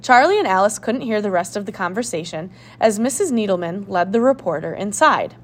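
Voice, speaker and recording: Lively woman reading a children's mystery. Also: mid-range voice, brisk. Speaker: narrator. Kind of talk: audiobook narration.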